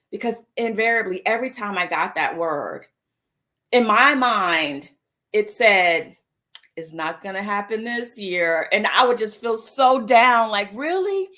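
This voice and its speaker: A woman hosting a live mindfulness show, talking casually and playfully, reading viewer comments aloud and laughing easily between reflective stretches. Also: mid-range voice. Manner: playful and animated, reads viewer comments aloud, frequent "right?" and "y'all"; laughs easily and slips into exaggerated voices for asides. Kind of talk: casual live-stream talk about setting an intention.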